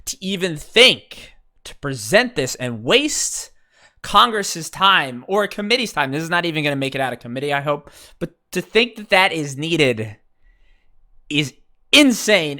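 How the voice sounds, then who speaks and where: A man's voice: on the high side, expressive, normal speed, bright, forceful tone. A young man vlogging a comedic rant, profane, sarcastic and exasperated.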